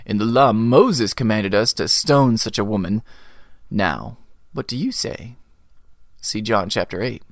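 A man's voice: mid-range voice, dry recording, clean studio sound. A man reading a devotional sermon, telling the scripture stories earnestly. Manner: earnest storytelling, quoting scripture.

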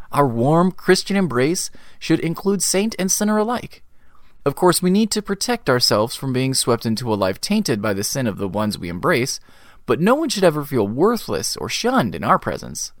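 A man's voice: fairly high pitch, big pitch swings, normal speed, no echo, clean studio sound. A man reading a devotional sermon, telling the scripture stories earnestly. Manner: earnest storytelling, quoting scripture.

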